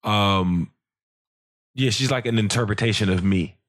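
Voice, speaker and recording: A man guesting on a podcast, talking about fatherhood in a loose, slangy way. His voice sits fairly low. He pauses often on fillers as he thinks out loud. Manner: relaxed, slangy, reflective, with many fillers. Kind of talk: casual chat.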